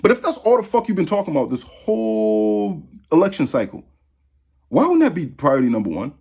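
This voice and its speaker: Angry husky-voiced man ranting. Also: high voice, wildly swooping pitch, fairly quick, a little mellow. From Massachusetts. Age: 30s. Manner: profane, heated, repetitive. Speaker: vlogger. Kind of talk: angry rant to camera.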